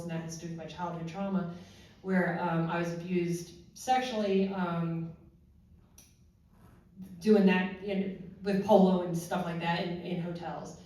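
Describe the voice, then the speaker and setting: Woman, panel guest, halting with fillers, heard from afar, very roomy hall. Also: lowish voice, a little mellow. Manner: halting, with many fillers and restarts. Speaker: panel guest, former first responder. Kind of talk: personal testimony at a panel. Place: large echoey room at a panel event. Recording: very echoey hall from far off.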